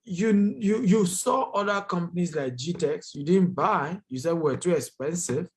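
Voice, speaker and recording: A man's voice: high voice, animated, a little slow. A man hosting a live investment training, talking straight to his viewers, emphatic and repetitive as he answers their comments.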